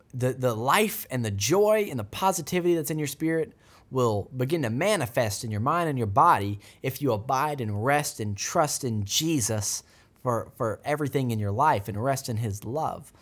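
A man's voice: medium pitch, animated, moderate pace. Fervent man teaching scripture on a podcast. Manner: earnest and fervent, with bursts of praise; reads scripture aloud, then explains it. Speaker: podcast host.

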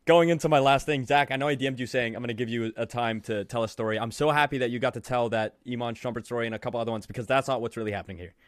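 A young man co-hosting a podcast, telling stories in an excitable, rambling way. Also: medium pitch, dry recording, studio quality. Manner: excitable, fast rambling storyteller. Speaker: podcast co-host. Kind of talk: casual chat.

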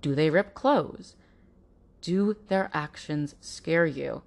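A woman with a low-pitched voice hosts an informative podcast. She talks earnestly and directly to listeners and sometimes slips into mocking voices to mimic other people. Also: takes it slowly, vocal fry, a little mellow. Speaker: podcast host.

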